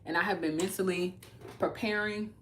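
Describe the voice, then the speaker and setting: A woman's voice: fairly low pitch, steady tone, normal speed, slight background noise. A woman in her thirties from Texas, hosting a casual livestream and talking earnestly to her viewers. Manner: earnest, talks to viewers as y'all. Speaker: livestream host.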